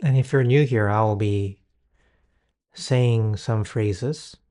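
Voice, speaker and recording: A man leading a guided healing meditation, speaking gently with long pauses and reciting calm phrases for the listener to repeat. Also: fairly low pitch. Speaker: guided healing session leader.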